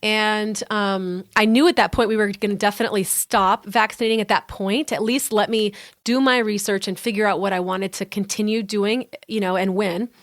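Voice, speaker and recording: A woman's voice: medium pitch, steady tone, moderate pace, hardly any pauses, dry recording. Earnest woman telling her story, dry close sound. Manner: earnest, heartfelt, repeats phrases for emphasis. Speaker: podcast co-host sharing her story. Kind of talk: personal storytelling in conversation.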